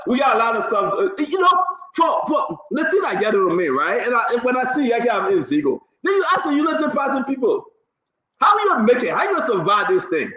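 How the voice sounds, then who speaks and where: A man with a Liberian English accent hosting a live radio talk show, animated and joking, laughing often and pleading with listeners. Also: very high voice, brisk. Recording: echoey room, dull lo-fi sound.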